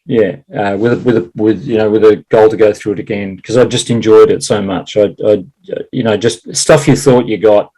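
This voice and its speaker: A man with a lowish voice chatting casually as a guest. He talks haltingly, restarting sentences and breaking into laughter. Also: fairly even intonation, dark tone, rough recording. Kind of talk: casual conversation.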